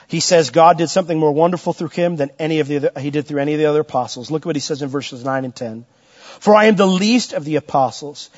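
A man's voice: a little mellow, dull audio. A middle-aged man preaching as a pastor, asking the congregation questions and lifting his voice for emphasis. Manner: asks the congregation questions, rises in pitch and volume for emphasis. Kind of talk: sermon.

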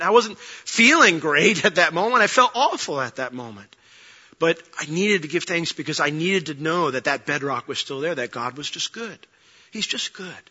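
A man preaching a sermon with emotion, moving between raised passionate delivery and quiet reflective speech. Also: fairly high pitch, husky, muffled recording. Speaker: pastor.

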